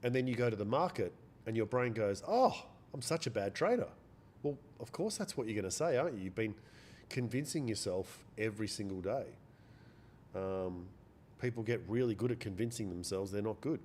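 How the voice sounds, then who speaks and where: A man's voice: fairly low pitch, brisk, darkish tone, a little hiss or hum. A man hosting a live trading stream, chatting casually, repeating phrases and answering viewers by name. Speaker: day trading livestream host.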